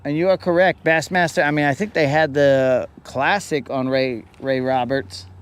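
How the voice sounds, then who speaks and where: A man's voice: fairly high pitch, steady tone, normal speed, clear, resonant tone. A middle-aged man hosting a fishing livestream from a boat on a lake, chatting and joking with viewers in a rambling way. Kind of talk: casual live-stream chat.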